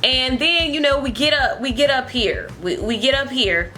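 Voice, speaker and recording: A woman's voice: high-pitched, moderate pace, pushed and bright, faint music behind. A young woman vlogger telling a storytime in a chatty, exasperated way with lots of fillers. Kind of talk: storytime vlog.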